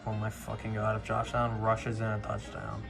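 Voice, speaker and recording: A man's voice: fairly low pitch, monotone, moderate pace, vocal fry, music in the background. A young man giving profane live reactions to a fantasy football game, dropping to mutters and then bursting out. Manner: profane, swings from mutters to outbursts.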